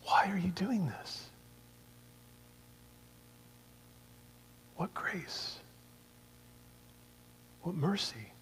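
A man voicing Jesus as a compassionate figure who speaks in a soft, hushed, almost whispered tone. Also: mid-range voice, fairly even intonation, moderate pace, breathy edge, pitched below the performer's own voice, low-quality recording. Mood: gentle.

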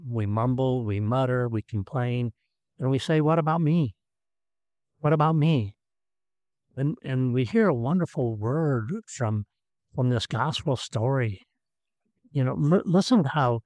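A pastor preaching in a sermon, his voice at an ordinary man's pitch. He speaks earnestly and repeats his words, rising to emphasis and then dropping low. The sound is dry and close to the mic. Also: a little mellow, dry recording.

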